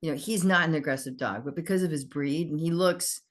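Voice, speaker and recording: A woman guest on a podcast, telling lively stories in casual chat and acting out what people said. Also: low voice, brisk. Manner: animated storyteller who acts out dialogue.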